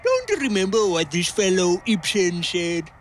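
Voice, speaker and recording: A man's voice: high voice, huge pitch swings, normal speed, slight background noise, low-quality recording. A man impersonating an elderly archbishop in his late seventies, cheeky and stubborn as he bickers with an old friend.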